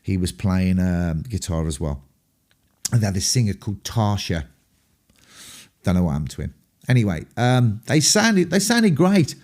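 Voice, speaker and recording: A man's voice: low-pitched, normal speed, long pauses, dark tone. A middle-aged man telling rambling, sweary rock stories, full of ums and asides. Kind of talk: casual storytelling to camera.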